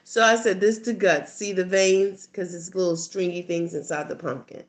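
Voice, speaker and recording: A woman hosting a livestream channel chats casually, telling stories animatedly with bursts of laughter, her tone steady and her speed normal. She acts out quotes in squeaky high voices and drops into soft, near-whispered asides.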